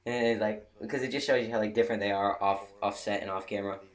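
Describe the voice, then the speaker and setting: A man's voice: on the low side, steady tone, quick pace. A young man telling a rambling travel story in a casual way, full of restarts and fillers, laughing at his own jokes. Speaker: video creator.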